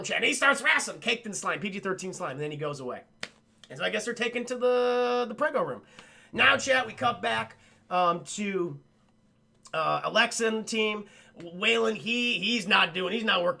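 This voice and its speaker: A man's voice: sits high, gravelly, sharp tone. A young man recapping a film on a livestream, rambling and swearing, talking straight to his chat. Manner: rambling, profane, addresses chat constantly. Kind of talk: casual chat.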